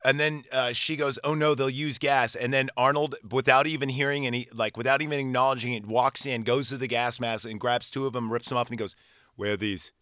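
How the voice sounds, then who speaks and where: A man co-hosting a podcast, excitedly retelling film scenes, often jumping ahead and apologizing. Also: medium pitch, quick pace, hardly any pauses, clean tone, dry recording, clean studio sound. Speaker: podcast co-host. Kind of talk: casual movie recap chat.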